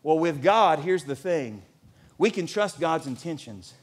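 High-voiced preaching man. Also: a little slow, breathy edge. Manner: animated preaching, rising to near shouts. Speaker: pastor. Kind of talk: sermon. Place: church.

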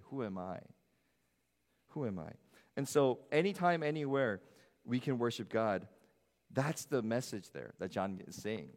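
A middle-aged man preaching a sermon as pastor, swinging from loud, high emphasis to soft, low asides. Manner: animated preaching, rising loud then dropping soft. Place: church sanctuary. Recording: long hall reverb.

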